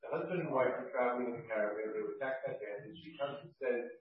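A man's voice: mid-range voice, fast talker, phone-quality sound. A man, a student in a Talmud class, arguing his point insistently and repeating himself. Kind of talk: class discussion. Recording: very echoey room, far from the mic, with people around.

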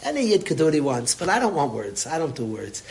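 A man's voice: fairly high pitch, huge pitch swings, fast, darkish tone. A man delivering an inspirational religious talk, impassioned and repetitive, with Yiddish and Hebrew terms woven into his speech. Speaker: religious speaker. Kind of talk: inspirational sermon.

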